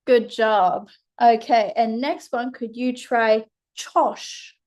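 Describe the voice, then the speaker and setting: A woman's voice: a little high, fairly even intonation, takes it slowly, a little mellow, lo-fi sound. An Australian woman tutoring a child through a phonics lesson, patient and encouraging. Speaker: reading tutor.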